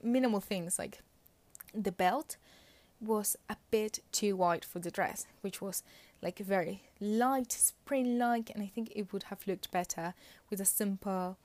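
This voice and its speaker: Woman, chatty fashion commentary, opinionated, dry close sound, mid pitch. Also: a little slow, a little mellow, no echo. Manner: chatty, opinionated, frequent fillers and laughs. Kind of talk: casual commentary.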